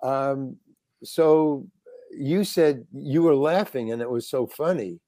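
An older actor telling a story as an interview guest in a halting, rambling way, full of restarts. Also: male voice, medium pitch, warm tone, no echo. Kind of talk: casual storytelling.

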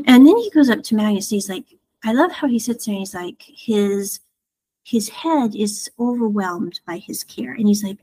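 A woman talks through her thoughts on a TV series in a loose, rambling way, wandering off on side points as she retells scenes. Her voice is soft and breathy, sitting at an ordinary middle pitch for a woman. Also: moderate pace, low-quality recording. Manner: rambling, digressive, animated retelling. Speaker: TV series reviewer. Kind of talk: casual spoken review.

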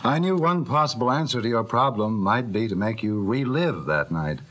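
An actor playing a calm, measured male psychiatrist in a 1960s radio drama. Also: mid-range voice. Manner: calm, measured, matter-of-fact.

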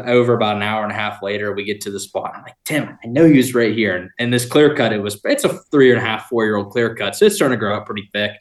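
A young man, a podcast guest, telling a long, rambling hunting story in casual talk, often laughing. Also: lowish voice.

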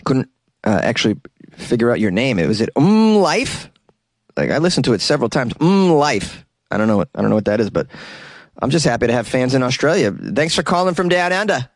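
A man hosts his own comedy podcast solo, rambling wryly and laughing at his own jokes, recorded in a small closet with no echo. His medium-pitched voice is expressive, and he talks fast.

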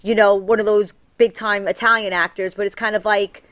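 A woman's voice: mid-range voice, little pitch movement, brisk, a bit bright, dry recording. A woman with a New York accent, chatting as an interview guest in a brassy way, acting out quotes with big jumps in her voice. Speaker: guest, reality TV personality. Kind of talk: casual interview chat.

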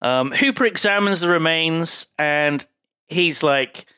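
A man's voice: fairly high pitch, takes it slowly, sharp tone, clean tone, no room sound. A man co-hosting a podcast, casually retelling a film with plenty of swearing and filler words. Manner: swears freely, rambling with fillers. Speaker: podcast co-host.

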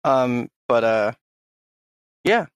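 Podcast co-host, man, medium pitch, fast joking storyteller, dry close sound. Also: animated, smooth, no room sound. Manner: quick, joking storyteller with stammered restarts. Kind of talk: casual chat.

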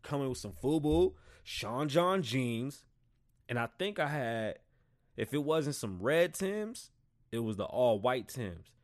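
A man in his thirties hosting a casual monologue, telling stories in a profane, animated and rambling way. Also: medium pitch, takes it slowly. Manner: rambling, digressive. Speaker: podcast host.

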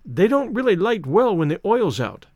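A poised young woman with a frosty, formal courtesy, as a male storyteller puts her on. The voice rides noticeably higher than his own and moves lively through the lines, recorded dry and close. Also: normal speed, no room sound. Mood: cool polite.

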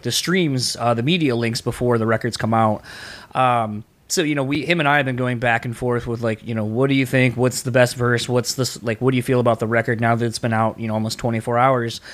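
A man hosting a music interview show, talking casually and leaning hard on fillers as an enthusiastic fan. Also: medium pitch. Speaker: podcast host.

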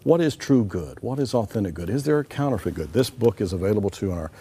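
A man hosting a talk show interview with a low, dark and husky voice. He mostly backs his guest with brief affirmations and sums up what the guest means. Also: expressive, quick pace. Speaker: host.

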